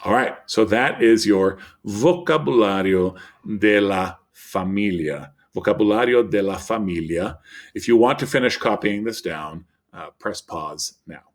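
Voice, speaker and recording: A man with a lowish voice gives a recorded vocabulary lesson. He explains in an upbeat, teacherly way and reads word lists out slowly, one word at a time. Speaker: Spanish teacher.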